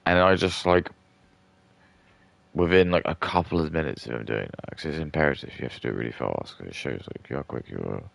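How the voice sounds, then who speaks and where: A man with an extremely deep voice full of gravelly fry rambles through casual commentary as a streamer. He piles on filler words and starts sentences over. The sound is close and dry, with no room around it. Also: expressive, brisk, dry recording. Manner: rambling, heavy use of filler words, trailing restarts.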